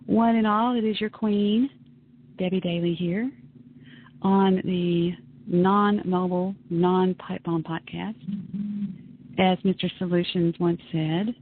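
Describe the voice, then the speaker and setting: A woman's voice: lowish voice, steady tone, slow pace, a little hiss or hum. A woman hosting a talk radio show, chatting in an emphatic, ranting monologue. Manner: emphatic, ranting, self-dramatizing. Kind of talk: casual monologue on internet radio. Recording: tinny phone-line radio broadcast.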